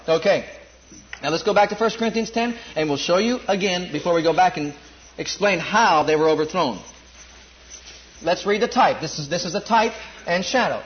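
A man preaching a sermon and reading scripture, stressing and repeating key words and dropping into quieter asides. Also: animated, fairly quick, highs cut off. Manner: emphatic, repeats words, swings from low asides to loud stressed lines.

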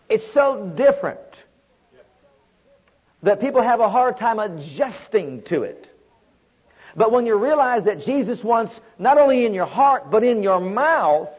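A man preaching a sermon with emphatic, repetitive call-and-response delivery and a husky voice. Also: high-pitched, lo-fi sound.

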